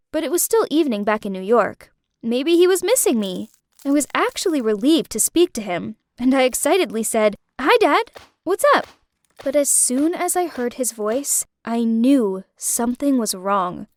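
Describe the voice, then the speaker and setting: Young woman narrating a storytime, high voice, swoopy and dramatic, dry close sound. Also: no room sound. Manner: animated, dramatic. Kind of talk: first-person storytime narration.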